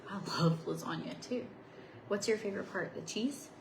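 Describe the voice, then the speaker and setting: A woman's voice: mid-range voice, normal speed, background noise. A young adult woman, a beauty vlogger chatting casually while doing her makeup, now and then dropping into a whisper. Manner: chatty, sometimes drops to a whisper. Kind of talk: casual get-ready-with-me chat.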